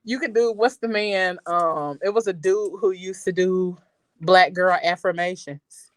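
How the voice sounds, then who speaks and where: Woman, podcast guest; loud, animated, high-energy delivery; low-set voice, dry booth sound. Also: measured pace, no echo. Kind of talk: casual chat.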